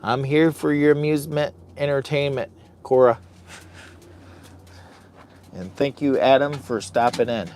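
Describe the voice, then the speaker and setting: A man's voice: mid-range voice, fairly even intonation, a little slow, pauses often, noisy background. A man rambling casually on a phone live stream from inside a heated tent, urging viewers to like and share. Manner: chatty, hypes viewers to like and share. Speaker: vlogger livestreaming from a camping trip.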